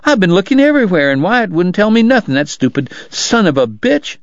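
A man voicing a frantic, weeping young frontier woman in a story reading, pleading in a shrill, high voice. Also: big pitch swings, brisk, no room sound, dull audio. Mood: shaken.

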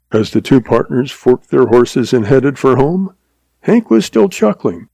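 A man narrating a story in an even, measured reading. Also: medium pitch, gravelly, no room sound.

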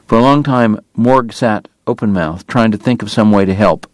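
A man narrating a novel in a measured, steady storytelling voice. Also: on the low side, no echo. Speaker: audiobook narrator. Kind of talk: scripted narration.

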